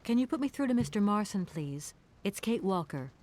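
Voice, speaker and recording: Kate Walker, voiced by a woman, polite and measured. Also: mid-range voice, lively intonation, mellow, natural voice. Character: polite composed female lawyer on a trip. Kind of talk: video game voice acting.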